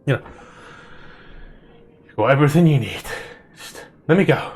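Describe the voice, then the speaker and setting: A man's voice: medium pitch, expressive, normal speed, breathy edge, faint music behind. A man voicing a cowardly hobgoblin captain who pleads to be let go. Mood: pleading. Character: cowardly fleeing hobgoblin captain, male adult.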